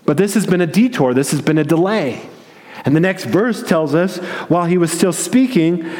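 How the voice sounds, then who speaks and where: Male pastor, sermon storyteller, higher voice, long reverberant sanctuary sound. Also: lively intonation, normal speed, a little mellow. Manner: vivid retelling with repeated words and acted-out quotes. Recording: long reverb of a large hall.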